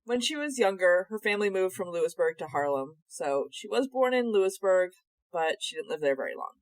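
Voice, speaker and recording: A young woman with a slightly low voice co-hosts a casual podcast chat, animated and sarcastic, swearing freely. Her voice sits dry and close to the mic. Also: fairly quick, dry recording, rough recording. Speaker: podcast co-host.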